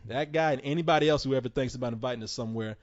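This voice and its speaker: A man's voice: medium pitch, rapid-fire. A man hosting a podcast, ranting heatedly in casual chat and swearing freely. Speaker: podcast host. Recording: dull lo-fi audio.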